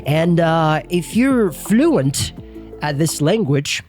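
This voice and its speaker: A young man runs a laid-back English lesson, rambling with plenty of fillers and an occasional curse. His voice sits a bit high for a man. Soft music plays faintly underneath. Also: sing-song, slow pace. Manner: chatty, loose, lots of fillers and mild swearing. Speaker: English teacher. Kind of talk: casual video lesson.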